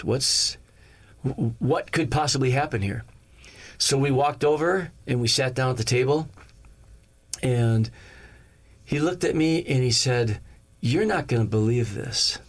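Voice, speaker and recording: Animated male pastor telling a story. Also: medium pitch, measured pace, pauses often. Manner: animated, acts out each character's lines in the story. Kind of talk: storytelling sermon.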